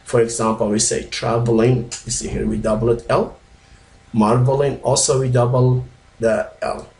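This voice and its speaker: A man's voice: medium pitch, little pitch movement, moderate pace, a little mellow. A man who speaks English as a second language, teaching English grammar from slides, patiently and repetitively, with small grammar slips. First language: Arabic. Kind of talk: slide-based grammar lesson. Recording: roomy echo.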